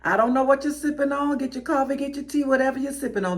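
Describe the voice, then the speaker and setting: A woman's voice: high-pitched, quick pace. A woman from the American South with a Southern accent, hosting her show and talking straight to her listeners. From Miami, Florida. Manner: animated, warm calls to the audience. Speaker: host. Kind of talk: lively show host address.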